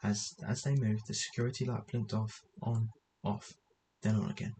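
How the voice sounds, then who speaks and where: A man's voice: on the low side, little pitch movement, normal speed, hardly any pauses, a little mellow, slight background noise, rough recording. A man reading a story aloud as narrator, often stumbling and correcting himself as he goes. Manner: reads with frequent stumbles and self-corrections.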